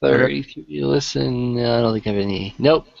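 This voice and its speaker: A man's voice: mid-range voice, normal speed, creaky, no echo, highs cut off. A man playing in a tabletop game, chatting in an easygoing, laughing way. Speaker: player. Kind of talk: casual game chat.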